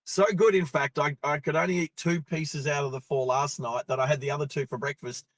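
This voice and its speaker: A man's voice: fairly high pitch, steady tone, fairly quick, no room sound. A middle-aged Australian man hosting a live driving vlog, telling stories in a loose, chatty way and laughing easily. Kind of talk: casual storytelling while driving. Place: in a car on the road.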